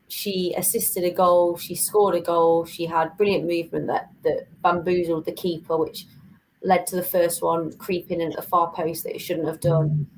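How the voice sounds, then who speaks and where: A woman panelist praising a player point by point. Her voice is slightly low and barely moves in pitch, and a faint hiss sits under the recording. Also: rough recording. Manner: enthusiastic praise, listing points. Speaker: fan panelist. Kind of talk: casual chat.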